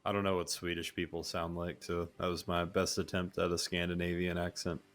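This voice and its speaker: A man's voice: low voice, monotone, a little fast, fairly bright tone, faint music behind. A man playing a role-play game, filling in another player in a loose, offhand way full of fillers. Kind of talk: casual in-character role-play chat.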